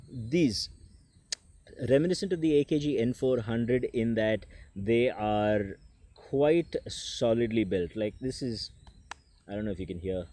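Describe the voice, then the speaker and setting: A man chats through an earbud unboxing in a relaxed, mellow voice at a middle pitch. He is chatty and jokes about himself as he talks to the camera. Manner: chatty, self-deprecating, jokes aside. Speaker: tech reviewer. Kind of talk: casual unboxing vlog. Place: indoors with people nearby.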